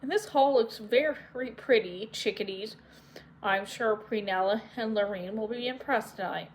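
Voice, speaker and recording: A woman's voice: on the high side, moderate pace, a little hiss or hum, lightly acted, rough recording. A woman reading an audiobook, voicing a fussy, motherly nun who coaxes and sulks. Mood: cheerful. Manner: sulky, coaxing.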